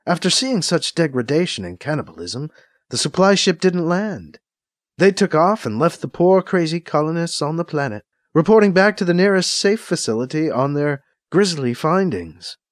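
A man's voice: fairly high pitch, big pitch swings, moderate pace, no room sound, studio quality. A man reading an audiobook, voicing a solemn older woman who was once a leader, guarded and sighing. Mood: grave. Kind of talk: audiobook character voice.

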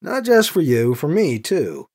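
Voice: medium pitch, big pitch swings, measured pace, darkish tone. A narrator voicing a weary male priest who talks in a wry, muttering, self-deprecating way.

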